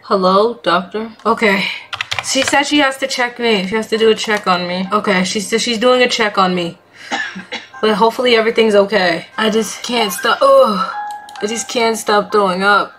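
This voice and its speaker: A woman's voice: medium pitch, a bit bright. A young woman narrating her Roblox hospital role-play in a dramatic, slangy, playfully over-the-top way. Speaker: gaming YouTuber.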